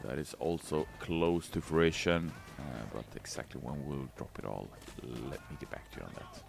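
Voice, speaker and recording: A man streaming, casually reading viewer messages aloud in a loud, playful, chatty way. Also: very deep voice, lively intonation, normal speed, gravelly, faint music behind. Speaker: game community streamer. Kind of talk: casual livestream chat.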